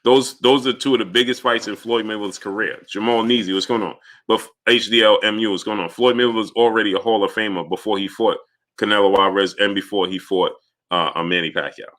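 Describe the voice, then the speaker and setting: This man's voice is fairly low, somewhat bright, and fairly even in intonation as he runs a livestream and reads the chat. He rapidly greets viewers by name between rants, arguing with them heatedly like he's giving a lecture.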